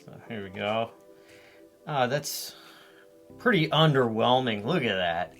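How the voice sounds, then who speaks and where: A man's voice: medium pitch, expressive, slow. A man giving casual, dry and sarcastic unboxing commentary on his vlog. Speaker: vlogger. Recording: loud music behind.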